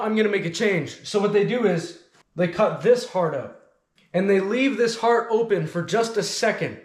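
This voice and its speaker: A man's voice: sits high, roomy sound. Blunt, commanding motivational man. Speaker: self-improvement channel host. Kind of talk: motivational talk to camera.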